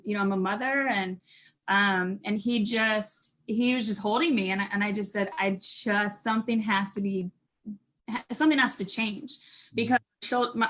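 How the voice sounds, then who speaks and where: A woman guest giving a candid personal account, emotional and halting with many restarts. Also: mid-range voice, fairly bright tone.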